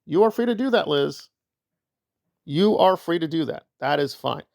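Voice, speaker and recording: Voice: medium pitch, animated, moderate pace, creaky, darkish tone, dry recording, studio quality. A commentator giving opinion commentary in a sarcastic, argumentative way.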